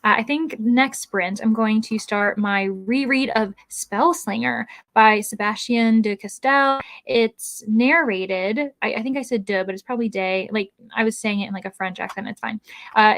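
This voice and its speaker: Bubbly woman host chatting on a live stream, kinda high voice, dry close sound, lots of ums and restarts. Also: fairly bright tone, dry recording. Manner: bubbly and chatty, quick exclamations; frequent fillers and self-restarts. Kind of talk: casual chat, reading out viewer comments.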